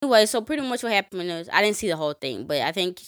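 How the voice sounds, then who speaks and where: A woman co-hosting a podcast, recounting stories in casual conversation with frequent fillers and quick asides. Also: on the low side, sing-song, no room sound, clean studio sound. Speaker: podcast co-host. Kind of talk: casual storytelling chat.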